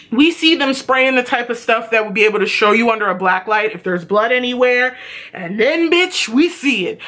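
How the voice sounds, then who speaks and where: A woman recapping a TV episode in a casual vlog, excitable and swearing freely, her voice jumping higher when she gets worked up. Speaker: TV show reviewer.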